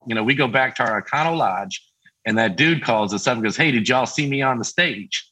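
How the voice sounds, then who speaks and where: This band member guest, a middle-aged man, speaks briskly at medium pitch with a breathy edge. Telling a story in relaxed conversation, he animates it by voicing the people he quotes. The audio is poor.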